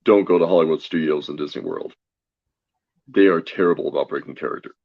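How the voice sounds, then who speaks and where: A man telling a story as a guest in a casual chat, energetic and chatty, laughing often. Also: rumbling low, fast, no echo, muffled recording. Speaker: guest, tarot reader.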